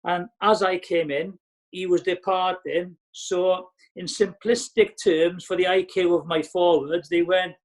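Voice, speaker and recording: A middle-aged Welsh man co-hosts a podcast in a rambling, excitable manner. His voice sits a touch high, and he restarts his sentences often. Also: measured pace, poor audio. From Wales. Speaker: podcast co-host. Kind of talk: casual podcast chat.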